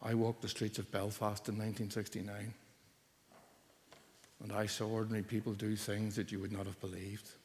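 An older man preaching a sermon, earnest and building at times to loud, forceful emphasis. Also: fairly low pitch, little pitch movement, moderate pace, long reverb tail, a little hiss or hum.

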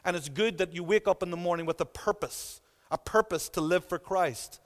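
An earnest man delivers a sermon, pressing his points home through emphatic repetition. His voice sits high for a man. A long reverb from the church hall trails behind every phrase. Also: moderate pace. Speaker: preacher.

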